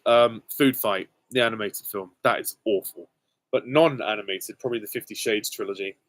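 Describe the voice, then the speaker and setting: A young British man hosting a live viewer Q and A, answering casually and candidly with many pauses and ums. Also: lowish voice, fairly bright tone, no room sound. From Britain. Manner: hesitant, many ums, candid and self-deprecating. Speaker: channel host answering viewer questions.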